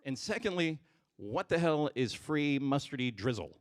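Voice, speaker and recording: A man doing a stand-up comedy set on a stage microphone, jumping between loud punchlines and muttered asides. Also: medium pitch, very animated, moderate pace.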